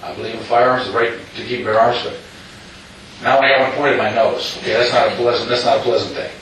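A middle-aged man tells a personal story to an audience, rambling with lots of "you know" asides and restarts. His medium-pitched voice is flat, fast, and fairly bright, captured by a distant mic in an echoey hall with slight background noise.

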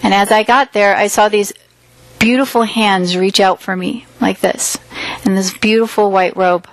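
A woman's voice: mid-range voice, steady tone, normal speed, no echo, low-quality recording. A woman earnestly retelling a personal experience in vivid detail, acting out what was said. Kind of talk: personal storytelling.

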